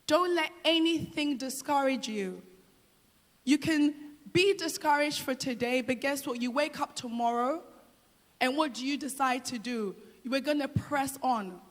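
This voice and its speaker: A middle-aged woman speaking to a hall in a high voice, giving an encouraging motivational speech. She repeats key phrases for emphasis. Her voice rings with a long hall reverb. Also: a little slow. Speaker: guest speaker.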